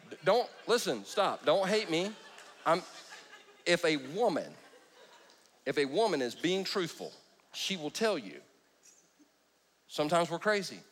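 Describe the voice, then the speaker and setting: A man's voice: fairly high pitch, big pitch swings, unhurried, long pauses, slight background noise. A man preaching a sermon in church, joking and breaking off his own sentences. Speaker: pastor.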